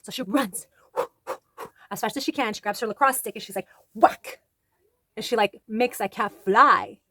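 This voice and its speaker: A woman's voice: a little high, moderate pace, sharp tone, no echo. A woman vlogger chatting casually about manga and retelling a story in a rambling way, full of fillers.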